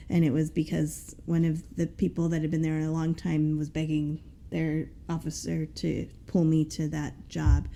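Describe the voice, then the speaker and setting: A woman's voice: low-pitched, vocal fry, dark tone. A woman guest in an interview, telling her personal story in an earnest, rambling way with many fillers.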